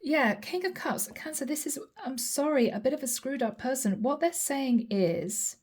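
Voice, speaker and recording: A woman talks through a tarot reading with a fairly high but mellow, soft-edged voice. She keeps laughing as she goes and slips into the other person's words to act out their side. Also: lively intonation, moderate pace, few pauses. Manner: laughs often while reading, acts out what the other person says. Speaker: tarot reader.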